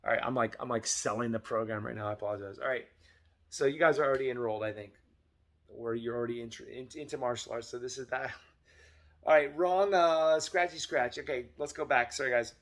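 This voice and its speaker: A man's voice: medium pitch, brisk. A middle-aged man, a martial arts instructor, giving casual advice to parents and acting out quoted dialogue as he goes. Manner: chatty, acts out quoted dialogue.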